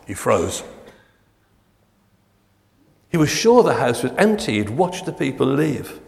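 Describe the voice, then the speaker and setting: Brief: older man, sermon, lively storytelling, reverberant hall sound. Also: mid-range voice, slow pace, creaky, pauses often. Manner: animated, jovial storyteller. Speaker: preacher. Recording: echoey hall.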